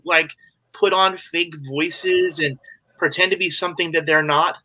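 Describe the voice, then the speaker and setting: A chatty man co-hosting a podcast, with a bright, forward voice pitched a little high. He talks in a loose, upbeat way with plenty of fillers. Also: steady tone, a little slow, low-quality recording. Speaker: podcast co-host. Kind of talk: casual chat.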